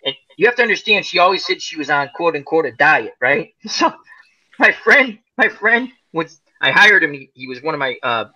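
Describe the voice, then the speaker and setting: This lo-fi clip features a middle-aged host of a casual group chat whose pitch runs fairly high and whose pace is moderate. He tells stories with real animation, acting out each quoted person.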